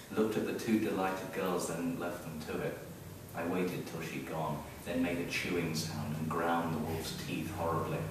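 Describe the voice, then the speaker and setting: A man reading his own story aloud at a live event, wry and expressive, building up the action. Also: low voice, background noise. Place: event hall, heard from the audience area. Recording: very echoey hall, mic far off.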